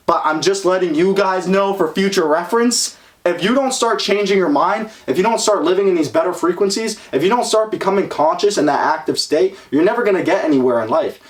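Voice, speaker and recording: A man's voice: on the high side, recorded from a distance. A young man hosting a self-improvement podcast, talking bluntly with lots of swearing and a preachy edge. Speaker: podcast host.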